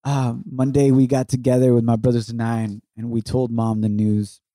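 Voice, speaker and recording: Earnest middle-aged man, mellow voice. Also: medium pitch, level tone, normal speed, no echo, clean studio sound. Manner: earnest, reflective, encouraging. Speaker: podcast co-host. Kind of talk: heartfelt conversation with his wife.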